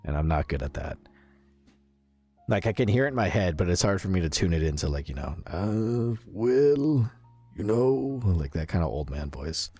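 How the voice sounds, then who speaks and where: Low husky-voiced man with a stuffy nose. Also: fairly quick, darkish tone, soft background music. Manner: rambling, filler-heavy, chatty. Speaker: streamer. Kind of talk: casual chat with viewers.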